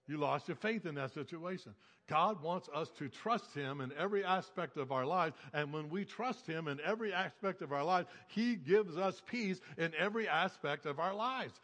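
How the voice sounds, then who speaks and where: A man's voice: on the high side, normal speed, fairly bright tone, in a large hall. A man preaching a sermon as a pastor, emphatic and repetitive, building phrases in rhythmic lists.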